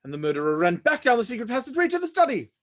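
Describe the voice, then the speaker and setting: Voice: mid-range voice, very animated, close to an everyday voice. Wadsworth, a reader playing a frantic butler. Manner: hurried, breathless recap with sudden yelps. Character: frantic male butler explaining a murder. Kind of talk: live script reading.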